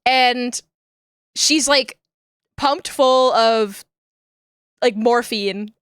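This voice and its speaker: A woman's voice: on the high side, drawn-out words, fairly bright tone, smooth, no room sound, clean studio sound. A woman streamer chatting casually with her viewers, rambling, giggling often and searching for words.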